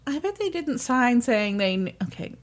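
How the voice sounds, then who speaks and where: A woman's voice: a little high, big pitch swings, normal speed. A woman co-hosting a podcast in casual chat, reacting bluntly and cutting in with quips. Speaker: podcast co-host.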